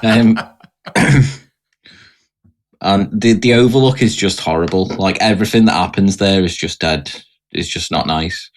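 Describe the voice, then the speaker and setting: A man's voice: low voice, a little slow, pauses often. A man in casual podcast chat, joking and laughing at his own jokes.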